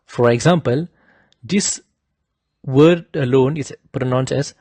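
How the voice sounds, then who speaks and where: A man slowly giving a lesson, carefully demonstrating correct pronunciation. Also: medium pitch, a little mellow, no room sound. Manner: slow and deliberate, demonstrating pronunciations. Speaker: teacher of Vedic chanting. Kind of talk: instructional talk.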